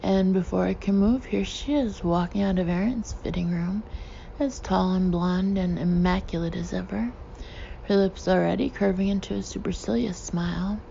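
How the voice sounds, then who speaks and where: A woman narrating a first-person audiobook expressively, slipping into soft breathy asides. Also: mid-range voice, muffled recording, a little hiss or hum.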